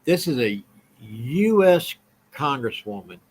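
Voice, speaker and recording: A man's voice: mid-range voice, sing-song, slow pace, darkish tone, slightly rough, low-quality recording. A man hosts a live stream and speaks bluntly in a mid-range voice. He repeats his points and answers viewers' comments as he goes. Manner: blunt, repetitive, reads and answers chat.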